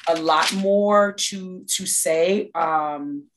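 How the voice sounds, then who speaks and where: A woman's voice: lowish voice, drawn-out words, a little hiss or hum. A woman from New York, a guest in a casual interview, talking in a reflective way with many restarts and fillers.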